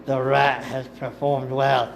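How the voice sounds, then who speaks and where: A man voicing a cold, taunting elderly male Sith master who speaks in a measured, commanding way in a fan audiobook reading. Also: medium pitch, flat delivery, creaky, slight background noise. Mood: mocking.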